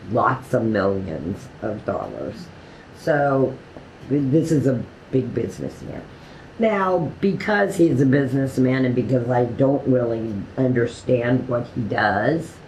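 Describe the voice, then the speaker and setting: Woman, low voice, unhurried storytelling, echoey room, faint background ambience. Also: a little hiss or hum. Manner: animated retelling with quoted dialogue and laughter; frequent "like" fillers. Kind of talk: casual storytelling.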